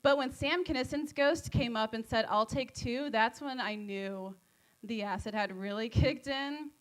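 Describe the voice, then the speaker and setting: A woman doing a stand-up set at an open mic on a comedy club stage, rambling and giggly, high on edibles, with self-deprecating jokes. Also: measured pace.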